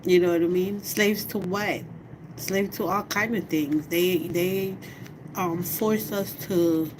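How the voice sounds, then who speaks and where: Slow-talking woman venting in a vlog. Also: lowish voice, steady tone, background noise. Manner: slow, heartfelt, conversational, often asks "you know what I mean". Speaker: vlogger. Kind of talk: personal vlog monologue.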